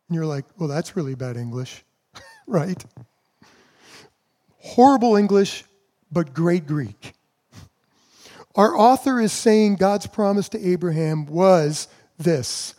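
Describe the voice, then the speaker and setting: A man preaching a sermon to his church, with slow, emphatic pauses. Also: high voice, mellow. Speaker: pastor.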